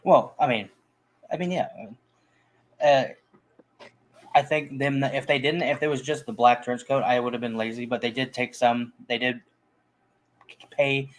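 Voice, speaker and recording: A man's voice: medium pitch, fairly even intonation, measured pace, pauses often. A man in casual conversation about a film, talking in a rambling way with frequent restarts and fillers. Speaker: movie podcast co-host.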